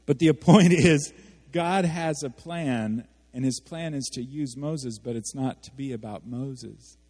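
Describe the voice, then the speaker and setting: A man preaching a sermon as a pastor, animated, asking his congregation questions and acting out the quotes he reads. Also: mid-range voice, measured pace, husky. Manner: animated, asks the audience questions, acts out quotes. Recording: hall reverb.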